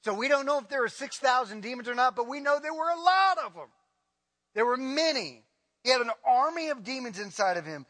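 Male pastor, sermon delivery, bright and forceful, big hall reverb, swings loud to hushed. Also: animated, fairly quick. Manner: impassioned, swings from loud to low.

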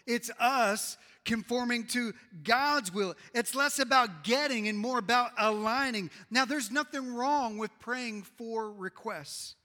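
A middle-aged male pastor preaching a sermon in a church, swinging from loud emphasis to hushed tones. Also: very high voice, takes it slowly, few pauses. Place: church sanctuary. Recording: reverberant hall.

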